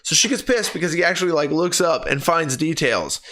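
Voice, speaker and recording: A man's voice: fairly high pitch, expressive, brisk, sharp tone. A man giving a casual spoken film review on his stream into his own microphone, ranting in exasperation and swearing freely. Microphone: personal streaming microphone.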